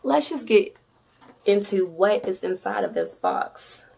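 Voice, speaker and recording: A woman's voice: medium pitch, expressive, takes it slowly, creaky, a little mellow, slightly rough. A woman vlogging an unboxing, chatty and effusive, often squealing with delight. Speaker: beauty vlogger. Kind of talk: excited unboxing vlog.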